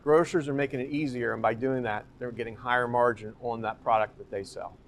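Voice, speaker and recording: A man's voice: mid-range voice, fairly even intonation, brisk, music in the background. A man guiding a walking tour through a grocery store, explaining its layout and asking rhetorical questions as he points things out. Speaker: real estate company guide.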